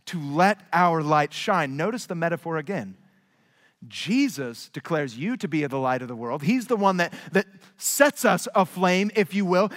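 A man preaching a sermon as pastor, with emphatic, repetitive rhetoric that swings between quiet low asides and raised, urgent stresses. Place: large church sanctuary. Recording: long hall reverb.

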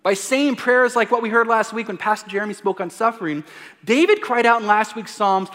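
A man's voice: very high-pitched, animated, normal speed, a bit bright. A man in his thirties preaching a sermon, reading scripture aloud with emphasis and adding playful asides. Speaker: pastor. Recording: long hall reverb.

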